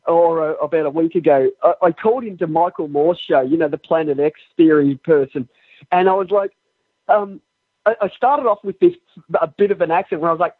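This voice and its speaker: A man's voice: high-pitched, fairly quick, slightly rough, no room sound. A man calling in to a show, talking crudely and jokingly in a rambling way. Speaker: caller. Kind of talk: casual chat. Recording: tinny phone line.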